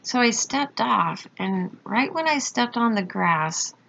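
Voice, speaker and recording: A woman slowly recounting a personal experience, halting with fillers and pauses. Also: a little high, expressive, gravelly, fairly bright tone, slight background noise. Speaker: storyteller recounting a near-death experience. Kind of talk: slow personal testimony. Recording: dull lo-fi recording.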